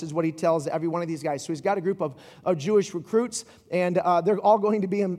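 A man giving a casual sermon in a church, retelling a film scene in an animated, rambling way. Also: high voice, long reverb tail. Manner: animated storytelling with asides and restarts. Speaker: pastor.

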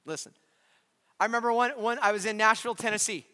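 A man's voice: high-pitched, quick pace, clean tone, in a large hall. A male pastor preaching a sermon in a large church, telling a story animatedly and acting out voices. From California. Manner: animated storyteller, acts out voices, shouts at climaxes.

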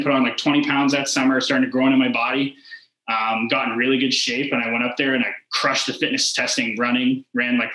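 A young man talks quickly in a bright, forceful voice. He tells his story casually, with plenty of "like" and acted-out dialogue. The room gives it a clear echo. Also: medium pitch. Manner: rambling, heavy use of "like" and quoted dialogue. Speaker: former hockey player, podcast guest. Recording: echoey room.

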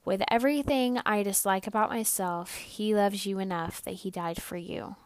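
A woman's voice: mid-range voice, fairly even intonation, moderate pace, clean tone, no room sound, clean studio sound. Earnest young woman giving a devotional talk. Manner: earnest, encouraging, repeats key phrases. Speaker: podcast host.

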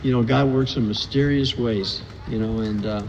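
A man's voice: medium pitch, steady tone, moderate pace, darkish tone, a little hiss or hum. A man making casual meeting announcements, loose and chatty, leaning on "you know". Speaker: meeting announcer, literature rep. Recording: echoey hall, dull lo-fi sound.

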